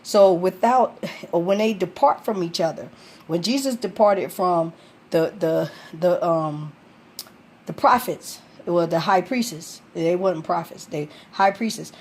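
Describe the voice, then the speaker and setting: A woman's voice: lowish voice, a little slow, a little mellow, breathy edge. A woman in casual late-night talk about scripture, rambling with many fillers and restarts.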